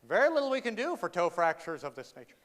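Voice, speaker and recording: A man voicing a matter-of-fact male doctor who speaks in a flat, clinical way, recorded in a reverberant hall. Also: sits high, fast talker. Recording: reverberant hall, faint background ambience.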